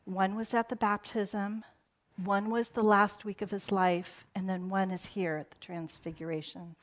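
A woman's voice: medium pitch, level tone, measured pace. A middle-aged woman pastor giving a casual sermon in a conversational way, with laughing asides. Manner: conversational, laughing asides, quotes in put-on voices.

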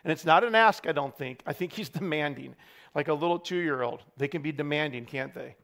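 A middle-aged man preaching a sermon, animated, acting out cries and bits of dialogue. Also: a little high, a little fast, gravelly. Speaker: pastor.

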